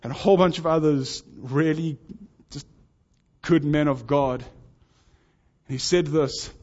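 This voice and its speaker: A man's voice: on the high side, slow pace, darkish tone. A man preaching a sermon to his congregation, earnest and urging, pressing his points with rising intensity. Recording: dull lo-fi sound.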